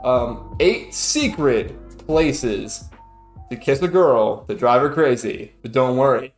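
A man's voice: mid-range voice, expressive, takes it slowly. A man doing sarcastic, profane comedic commentary on a video, ranting in mock outrage and mock awe. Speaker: commentary youtuber. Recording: echoey room with music underneath.

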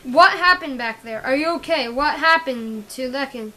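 A woman's voice: high voice, animated, moderate pace, pushed and bright, slight background noise. A woman voicing a male army general who barks orders at his squad. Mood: concerned. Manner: barking orders.

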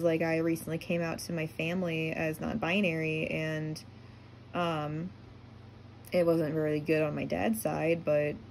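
A young adult vlogger telling a story casually, full of "like" fillers and turning giddy when excited. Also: female voice, sits low, a little hiss or hum.

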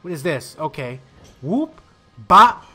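A young man talking over a wrestling video game he is playing, mixing loud trash talk and outbursts with mumbled asides. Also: a little high, sing-song, slow, soft background music. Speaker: gaming YouTuber.

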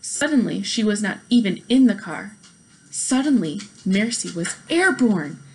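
Expressive woman reading a children's book. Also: mid-range voice, measured pace, low-quality recording. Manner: clear, expressive storytelling. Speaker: teacher reading aloud. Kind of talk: children's book read-aloud.

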